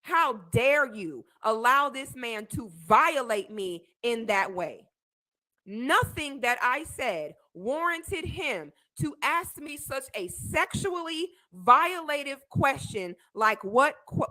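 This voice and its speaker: A young woman panelist speaks slowly in a high-pitched, bright, forceful voice, her pitch swinging widely. She gives indignant, heated commentary on a clip, emphasizing her words and repeating herself.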